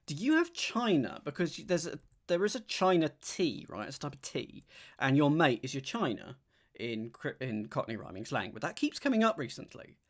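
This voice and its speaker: A man solving a crossword on a live stream, thinking aloud, reading clues out slowly and chatting with his viewers. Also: a little high, very animated.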